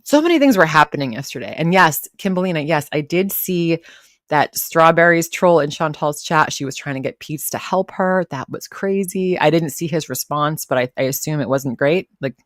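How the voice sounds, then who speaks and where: A woman's voice: deep voice, lively intonation, moderate pace, no echo, clean studio sound. A woman hosting a casual live stream, chatting and rambling as she reads posts aloud and greets viewers in the chat. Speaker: livestream host reacting to commentary.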